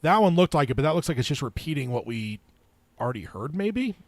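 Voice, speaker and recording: A man co-hosting a book podcast, relaxed and a bit hesitant, with frequent fillers and restarts. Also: on the high side, fairly quick, no echo. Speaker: podcast co-host. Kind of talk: casual chat.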